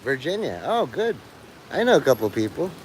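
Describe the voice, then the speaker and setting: A man's voice: mid-range voice, big pitch swings, a little fast, noisy background. Rambling, profane man streaming outdoors. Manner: profane, meandering, full of fillers. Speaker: livestreamer. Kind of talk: rambling live stream monologue. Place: outdoors in the rain. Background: rain.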